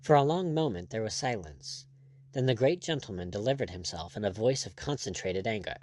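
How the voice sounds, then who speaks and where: A man reading a classic adventure novel aloud in measured scripted narration. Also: fairly low pitch, animated, a little mellow. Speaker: audiobook narrator.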